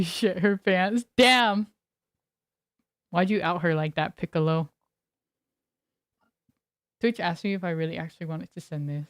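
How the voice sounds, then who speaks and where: A woman's voice: lowish voice, no room sound, studio quality. A young adult woman streaming as a variety streamer, chatting casually with her viewers in a rambling, talkative way and laughing often. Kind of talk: casual chat with live viewers.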